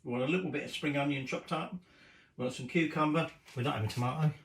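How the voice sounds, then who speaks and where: On a low-quality, reverberant recording with a bit of hiss or hum, a middle-aged cooking show host with a fairly high voice talks quickly. He rambles casually and swears mildly while cooking in his home kitchen for a vlog.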